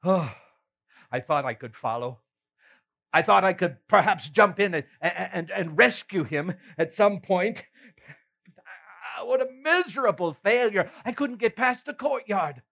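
A slightly muffled clip of a man voicing the apostle Peter: his voice sits high and a bit bright, with vocal fry, animated delivery, and a little slow pace in a full character voice. As an earnest, self-reproaching adult, he remorsefully recounts his failings in first person, sighing and giving rueful laughs.

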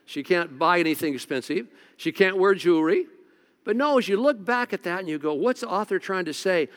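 A man who is a lead pastor preaching in a casual, joking way, often restarting his phrases, in a church. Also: sits high. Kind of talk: conversational sermon. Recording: long reverb of a large hall.

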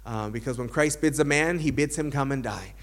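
A man's voice: medium pitch, a little fast. A man preaching a sermon as a pastor, earnest, building to emphatic points, with dry self-aware humor.

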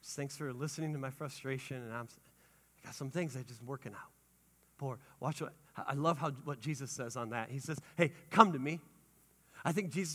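A male pastor preaching a sermon with lively energy, rising to shouts and dropping to hushed tones. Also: medium pitch, moderate pace. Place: church sanctuary. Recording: long hall reverb.

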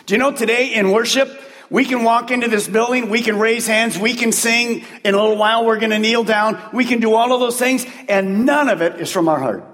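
A man's voice: sits high, brisk, fairly bright tone. A male pastor preaching to his congregation in an emphatic, conversational style full of rhetorical questions. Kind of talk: sermon. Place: large church sanctuary. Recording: long church-hall reverb.

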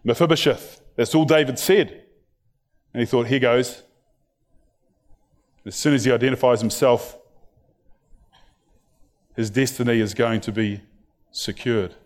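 A man's voice: mid-range voice, fairly even intonation, measured pace, long pauses, a little mellow. A man preaching a sermon, retelling a story and acting out what its people think and say. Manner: storytelling, acts out the characters' thoughts and words.

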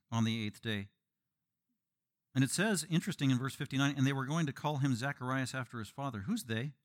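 A man preaching an expository sermon. He delivers it in an animated, emphatic way, with joking asides to the congregation. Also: medium pitch. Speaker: pastor.

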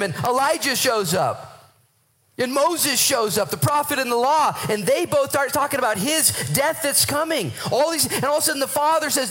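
A man's voice: extremely high pitch, sharp tone. A man preaching a sermon to his church, acting out voices of Bible figures as he goes. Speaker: pastor.

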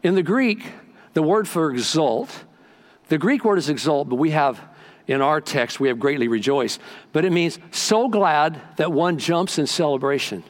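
Animated preacher with a raised voice. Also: male voice, a little high, normal speed. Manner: animated storytelling with acted-out quotes. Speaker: pastor. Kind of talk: sermon. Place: church sanctuary.

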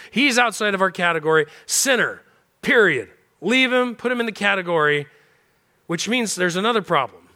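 A man pastor preaching a sermon in an animated, conversational way with casual asides. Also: on the high side.

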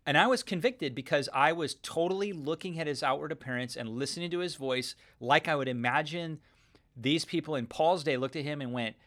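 A man's voice: a little high, fairly quick, fairly bright tone. Earnest conversational man teaching scripture. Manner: conversational, earnest, chuckles as he talks. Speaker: podcast Bible teacher. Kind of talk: casual Bible teaching.

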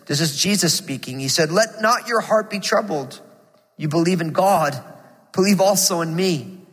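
A man's voice: a little high, fairly bright tone, in a large hall. A man in his forties preaching a sermon earnestly, repeating key phrases as he builds intensity. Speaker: pastor.

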